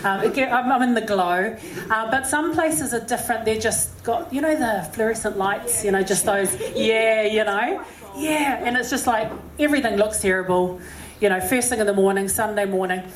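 A woman's voice: a little high, moderate pace, few pauses, reverberant, crowd noise, rough recording. A woman with a New Zealand accent, a singer telling a personal story to a live audience in a chatty, self-deprecating way, full of "you know" fillers. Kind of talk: personal story and encouragement talk.

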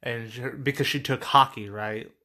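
A man's voice: medium pitch, fairly even intonation, normal speed, sharp tone. A man co-hosting a podcast, giving short, blunt opinions in a casual film chat. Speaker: podcast co-host.

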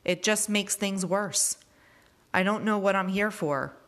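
A woman's voice: medium pitch, measured pace, fairly bright tone, lightly acted. A woman reading aloud as a grieving teenage boy who talks plainly, in casual slang.

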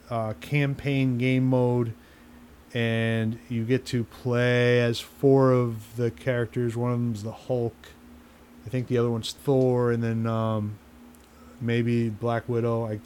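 A man in his thirties co-hosting a casual video game chat, relaxed with loose fillers. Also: medium pitch, a little hiss or hum. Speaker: podcast co-host.

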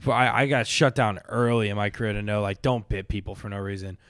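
A man stand-up comic in casual podcast chat, telling stories with loud acted-out quotes and frequent laughs. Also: fairly low pitch, fairly even intonation, quick pace, dry recording, clean studio sound.

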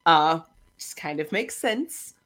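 Bright, playful woman co-host. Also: sits low, lively intonation, takes it slowly. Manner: enthusiastic, giggly, playful. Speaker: podcast co-host. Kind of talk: casual chat.

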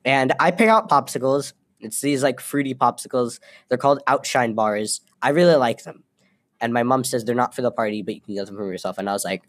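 A woman's voice: rumbling low, a little fast. A young woman co-hosting a casual podcast, telling stories with laughs and acted-out quotes. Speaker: podcast co-host. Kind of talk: casual chat.

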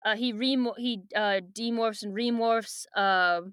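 A woman's voice: on the high side, fairly even intonation, unhurried, fairly bright tone, clear, resonant tone, no echo, clean studio sound. A young woman co-hosting a podcast, recapping a book in a chatty way with many fillers and frequent laughs. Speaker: podcast co-host. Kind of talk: casual book recap and chat.

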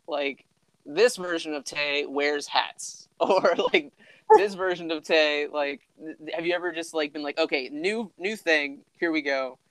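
Young man, casual chat, smooth clear voice, dry close sound. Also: a little high, unhurried, fairly bright tone, no echo, poor audio. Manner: easygoing, laughing, loose storyteller.

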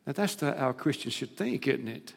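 A man's voice: mid-range voice, animated, moderate pace, gravelly. A man preaching a sermon, retelling scripture with dramatic, rising emphasis. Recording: long hall reverb.

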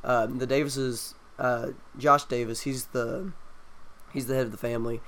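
A young man in casual chat tells a story to his friends. He is animated and slips into the voices of the people he quotes. His pitch sits mid-range for a man. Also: moderate pace. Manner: animated, acts out quoted lines.

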